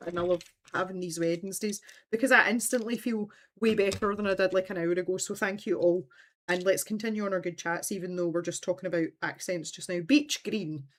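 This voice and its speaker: A Scottish woman in her thirties, hosting a livestream in animated, chatty conversation and laughing often. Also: mid-range voice, fairly quick. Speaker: livestream host. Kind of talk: casual chat.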